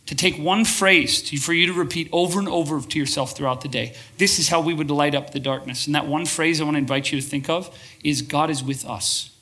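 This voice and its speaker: Bright-voiced, passionate male preacher. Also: a little high, quick pace. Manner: passionate, asks the crowd for shows of hands; repeats and restarts phrases while building up. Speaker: pastor. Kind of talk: sermon to a live congregation.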